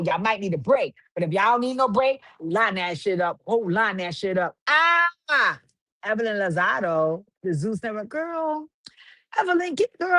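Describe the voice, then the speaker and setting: A woman's voice: fairly high pitch, a bit bright, no echo. A woman hosting a livestream, recapping reality TV in casual, profane chat with sing-song refrains. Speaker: livestream host.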